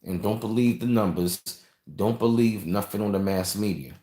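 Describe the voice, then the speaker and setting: Livestream host, male, lowish voice, loose rambling chat, roomy echo. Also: normal speed, warm tone. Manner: rambling, conversational, repeats phrases, reads and thanks viewers. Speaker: channel host reading live chat.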